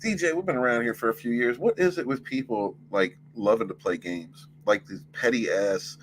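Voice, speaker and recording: A man's voice: mid-range voice, animated, normal speed, few pauses, slight background noise. A man streaming, chatting casually in a rambling, profane way and laughing often. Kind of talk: casual late-night stream chat.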